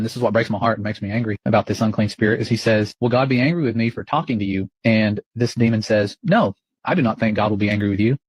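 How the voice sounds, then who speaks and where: A man's voice: medium pitch, slightly rough, no echo, poor audio. A man hosting his channel, reading a chat aloud and adding earnest, preacherly warnings. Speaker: channel host.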